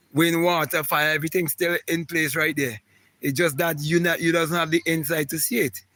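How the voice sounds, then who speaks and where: A man's voice: fairly high pitch, a bit bright, dry recording. A man hosting a spiritual talk, reading viewer comments and answering them in an emphatic, repetitive, preachy way.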